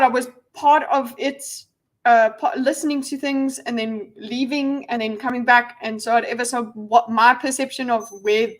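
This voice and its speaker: A woman chats her way through a casual livestream. Her voice sits a little high. She rambles, giggles and pokes fun at herself as she fiddles with her setup. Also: a bit bright, poor audio. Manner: rambling, giggly, self-deprecating. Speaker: livestream host.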